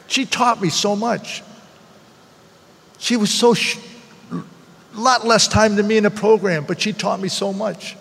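An older man speaks to a recovery meeting in a high-pitched voice, earnest and heartfelt, circling back to repeat his key phrases. His words ring out with a long reverb in a meeting hall. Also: fairly even intonation, unhurried, gravelly, pauses often, a bit bright, husky. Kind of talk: personal testimony talk.

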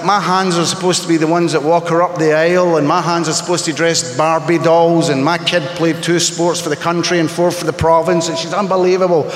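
A man sharing his personal story in a candid, emotional, halting way, speaking as a testimony to a gathered audience. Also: on the high side, a bit bright, slight background noise. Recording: echoey hall with long reverb.

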